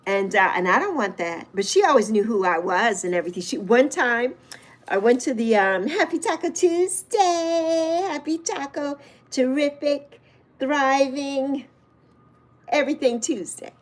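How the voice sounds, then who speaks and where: A woman's voice: high voice, lively intonation, measured pace. Chatty woman in her sixties. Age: 60s. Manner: chatty, reads out and answers viewer comments; fond, reminiscing. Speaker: livestream host. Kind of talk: casual livestream chat.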